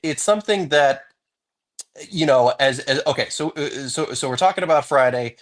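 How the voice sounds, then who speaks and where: A man in a casual chat, measured and thoughtful, making long run-on points. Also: fairly high pitch. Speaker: co-host.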